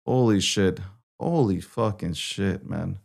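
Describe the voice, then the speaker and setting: A man with a low, gravelly voice hosts a casual livestream news show. He talks to himself, swears freely, and thinks out loud when things go wrong. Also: slow. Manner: frustrated, swearing, talking to himself. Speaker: host.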